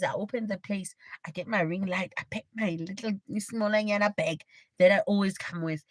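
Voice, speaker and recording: A young woman with a South African accent tells a story on her livestream in a blunt, animated way. Her voice sits at a middling pitch. The recording is dry and close. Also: moderate pace, dry recording. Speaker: livestream host. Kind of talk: casual storytelling.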